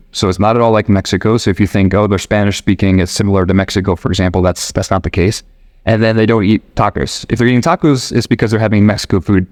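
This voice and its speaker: A man from the United States hosting a podcast, talking in a relaxed, rambling way with restarts and quoted asides. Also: lowish voice, dry recording, clean studio sound. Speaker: podcast host. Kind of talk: casual explanatory monologue. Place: living abroad in Argentina.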